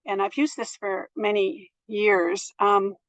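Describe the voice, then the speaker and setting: A middle-aged woman giving a presentation on board governance in a thoughtful, gentle way, with many fillers and restarts. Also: medium pitch, little pitch movement, slow, no room sound, low-quality recording. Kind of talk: presentation to an audience.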